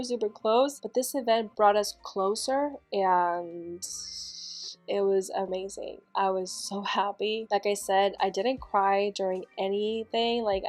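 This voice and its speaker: A young woman chatting casually through a makeup tutorial, gushing and warm about family, with soft laughs. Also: medium pitch. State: emotional, near tears. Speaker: beauty vlogger.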